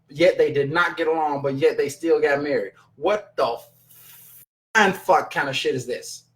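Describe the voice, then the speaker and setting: A man's voice: a little high, moderate pace. A man hosting his own show, talking casually to his chat in a blunt, profane, exasperated rant. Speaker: show host reading chat. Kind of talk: casual live-stream commentary.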